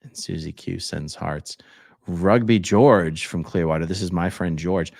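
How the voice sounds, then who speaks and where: Man, very deep voice, dry close sound, laid-back, reading comments. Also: a little slow, gravelly, a little mellow, dry recording. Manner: reads viewer comments aloud, laid-back. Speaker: livestream host reading chat. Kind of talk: casual livestream chat.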